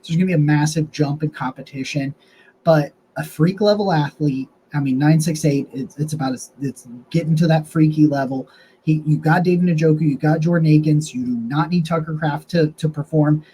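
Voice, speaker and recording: A young man talks through draft picks in a loose, rambling way, stopping and restarting his sentences. His voice sits a little high for a man but sounds dark and mellow. Faint noise hangs behind him. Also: fairly quick, poor audio. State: has the hiccups. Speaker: sports podcast host. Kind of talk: casual sports analysis monologue.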